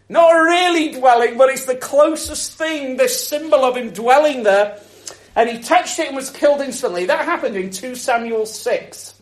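High-voiced preacher in echoey room. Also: male voice. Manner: lively, conversational, thinks aloud with rhetorical questions. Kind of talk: Christmas Day sermon.

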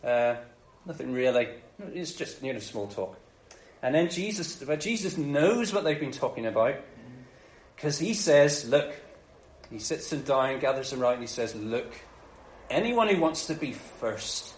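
A man preaching a sermon, telling the story with lively, jokey delivery and acting out the characters in playful voices. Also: medium pitch, normal speed, echoey room, rough recording.

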